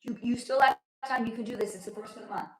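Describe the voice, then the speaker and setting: A woman hosting a casual livestream from home, reading viewer comments aloud, calling people honey and sweetie and swearing freely, her voice going hoarse. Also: fairly high pitch, steady tone, fast talker, darkish tone, slight background noise. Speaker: livestream host. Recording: roomy echo.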